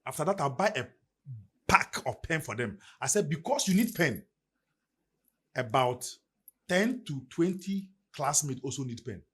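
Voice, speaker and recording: A middle-aged man with a Ghanaian English accent talks on a podcast with emphatic, preacher-like force. His voice is husky and slightly breathy. His pitch swings widely as he builds each point. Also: expressive, a little slow, pauses often, pushed and bright. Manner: preacherly, emphatic, rising and falling delivery. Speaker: podcast guest. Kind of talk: motivational podcast talk.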